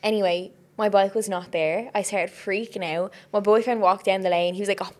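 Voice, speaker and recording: A woman's voice: medium pitch, brisk. Chatty woman telling stories. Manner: animated storyteller acting out quoted voices, fillers of "like". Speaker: podcast co-host. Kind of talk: casual chat.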